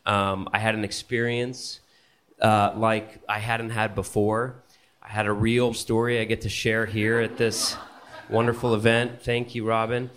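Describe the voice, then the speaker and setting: A man telling a personal story on stage at a live event, animated and profane, often laughing as he talks. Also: on the low side, unhurried.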